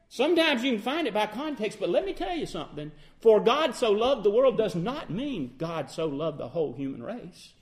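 A man preaching a sermon, reading old-style scripture in a measured cadence and swinging between emphatic declarations and low, slow passages.

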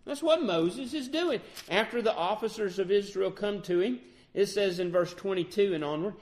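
Man preaching a sermon, high-pitched, very animated delivery, acts out Bible voices. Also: normal speed. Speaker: pastor.

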